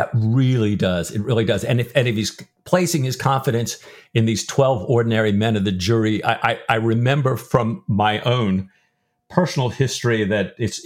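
Chatty man musing on a novel. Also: mid-range voice. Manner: rambling, reads book passages aloud with feeling. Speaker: podcast co-host. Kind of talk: casual book-discussion chat.

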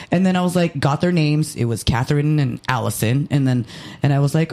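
A man telling a profane, rapid-fire story on a casual podcast, acting out the quotes. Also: on the high side, darkish tone. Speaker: podcast co-host and comedy show runner.

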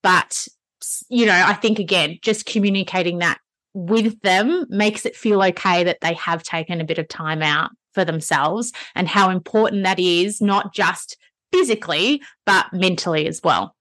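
A woman's voice: lowish voice, moderate pace, a bit bright, no echo. A woman podcast host who teaches classes, explaining in earnest, rambling casual chat.

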